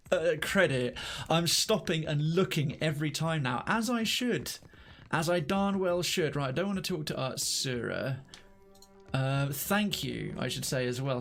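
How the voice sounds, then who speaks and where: A man streaming a video game live, chatting excitedly, often stammering and restarting his sentences, and quick to get startled. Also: a little high. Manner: jumpy, startled easily, exclaims. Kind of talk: live let's-play commentary.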